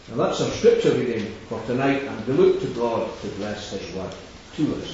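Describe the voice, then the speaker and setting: A man preaching a gospel sermon, stressing key words and repeating the main verse slowly. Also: medium pitch, animated, a little mellow, a little hiss or hum. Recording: echoey distant hall sound, dull.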